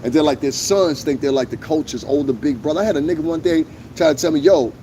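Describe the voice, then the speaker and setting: A man's voice: a little high, fast, mellow, a little hiss or hum. A man ranting on a live stream, blunt and profane, repeating his points for emphasis. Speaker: YouTube streamer. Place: outdoors on a lawn.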